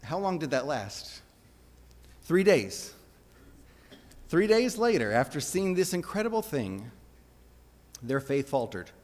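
A man's voice: a little high, sing-song, takes it slowly, pauses often, darkish tone. A man preaching a sermon in an earnest, conversational way, often restarting his phrases. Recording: long reverb of a hall.

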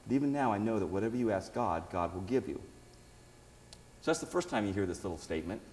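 A man reads scripture aloud in a low, mellow voice, breaking off now and then for casual remarks. His voice rings with a long reverb, as if in a large space. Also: lively intonation, fast talker, slight background noise. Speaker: Bible teacher. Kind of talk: reading scripture with commentary.

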